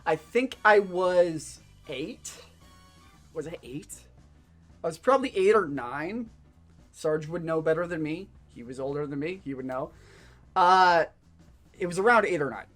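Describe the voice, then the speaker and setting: A man's voice: a little high, expressive, a little slow, long pauses, fairly bright tone. A young man runs a game show for his friends over a voice call. He rambles, backtracks and laughs his way through a long story. Music plays faintly behind him. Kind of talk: casual chat, telling a story.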